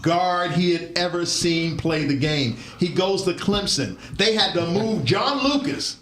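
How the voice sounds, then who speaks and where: A man from Baltimore, guest on a podcast, telling stories in an excitable way, often repeating himself and slipping into impressions. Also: high-pitched, measured pace, a little hiss or hum. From Baltimore, USA. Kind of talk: animated casual storytelling. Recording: echoey room with crowd chatter behind.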